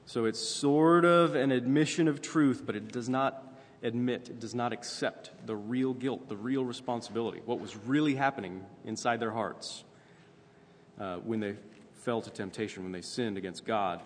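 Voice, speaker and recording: A man's voice: medium pitch, moderate pace. A man preaching a sermon in a conversational way, often checking in with "right?" as he goes. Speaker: pastor. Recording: long reverb, faint ambient noise.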